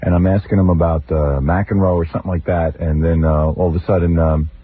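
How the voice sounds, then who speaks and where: A man's voice: low-pitched, fairly even intonation, fairly quick, slightly rough. A middle-aged man hosting a radio show, telling comic stories about his family and mimicking their voices in exaggerated tones. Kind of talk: comic talk-radio storytelling. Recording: phone-like lo-fi radio archive.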